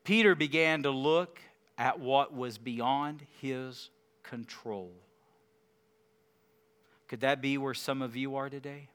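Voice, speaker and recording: A man preaching a sermon, swinging from loud emphasis to hushed quiet lines and asking the congregation questions. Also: mid-range voice, slow pace, long pauses, clear, resonant tone.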